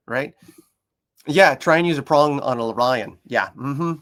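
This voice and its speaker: Animated man telling a story. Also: measured pace. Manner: animated, acts out quoted voices with big pitch jumps; emphatic and passionate. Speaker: dog behaviour consultant. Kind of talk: casual conversational storytelling.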